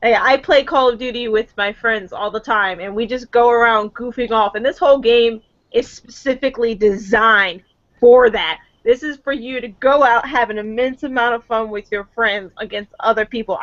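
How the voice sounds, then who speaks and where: A woman chats on a casual podcast with open enthusiasm, gushing about what excites her. Her voice sits fairly high. The recording is dry, close and lo-fi. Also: no room sound. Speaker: podcast guest. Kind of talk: casual chat.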